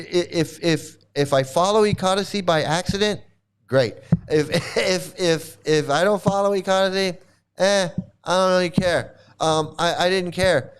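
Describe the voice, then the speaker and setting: A man chatting casually and rambling, swearing freely, often laughing and mimicking others in quick asides. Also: high-pitched, smooth. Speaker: streamer answering chat. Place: home in Thailand.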